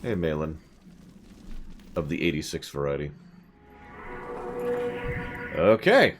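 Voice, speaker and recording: A low-voiced man with a gravelly edge, rambling through casual game-stream commentary. His pitch leaps wildly from mutters to excited shouts, and he often makes fun of himself. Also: brisk, noisy background. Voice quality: rambling, self-deprecating. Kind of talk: casual let's-play commentary.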